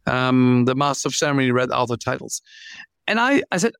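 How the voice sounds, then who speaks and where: A man guest author telling stories in an interview, animated, often restarting and repeating words. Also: mid-range voice, a little fast, vocal fry, clear, resonant tone, dry recording. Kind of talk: interview storytelling.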